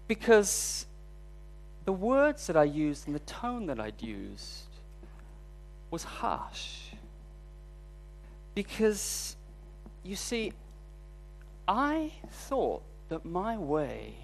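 A man's voice: high-pitched, wildly swooping pitch, drawn-out words, vocal fry, pauses often, slight background noise. A man preaching a sermon, telling a personal story in a candid, self-deprecating way. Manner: storytelling, voice rising when recounting frustration.

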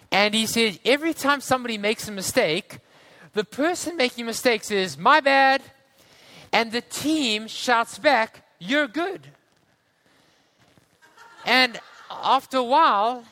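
A man's voice: very high voice, pushed and bright. A man from Africa, preaching a sermon with earnest storytelling and conversational asides. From South Africa.

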